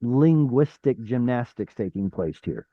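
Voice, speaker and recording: A man's voice: mid-range voice, expressive, a little slow, no room sound, lo-fi sound. A man teaching an online Hebrew class, explaining step by step, sounding out letters and correcting himself as he goes. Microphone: video call.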